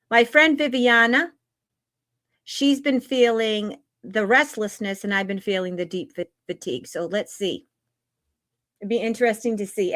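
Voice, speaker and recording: A woman's voice: a little high, a bit bright. A woman hosting a live-stream spiritual talk, earnest, repeating phrases and checking in with "right?" and "okay?". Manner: reads slow guidance lines, then talks freely.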